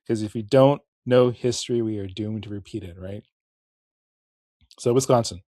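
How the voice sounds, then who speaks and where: A man's voice: on the low side, measured pace, long pauses, mellow, dry recording, clean studio sound. A middle-aged man hosting a podcast, talking casually and candidly, cursing, restarting sentences and correcting himself as he moves into history narration. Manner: rambling, candid, curses, frequent restarts and self-corrections. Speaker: podcast host.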